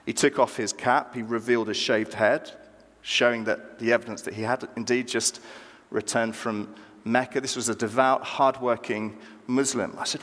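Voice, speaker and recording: A man preaching a sermon as pastor, animated and acting out dialogue with rising emphasis, recorded in a church. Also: mid-range voice, moderate pace. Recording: church hall reverb.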